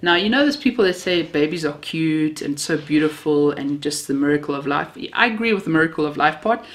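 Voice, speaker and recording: A woman's voice: low-pitched, lively intonation, brisk. A woman from Namibia, preaching a sermon built on personal stories, heartfelt with a self-mocking sense of humor.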